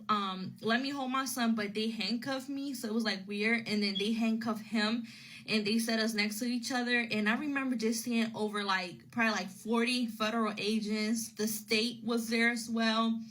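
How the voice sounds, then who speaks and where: A woman's voice: on the high side, steady tone, moderate pace, fairly bright tone, rough recording. A woman casually telling a personal story to her phone camera, rambling and repeating herself as she retells what people said.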